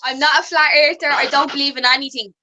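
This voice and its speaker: Bright young Irish woman, giggly. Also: high voice, fairly even intonation, fast talker. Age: 20s. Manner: candid, giggly. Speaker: guest. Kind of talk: casual chat.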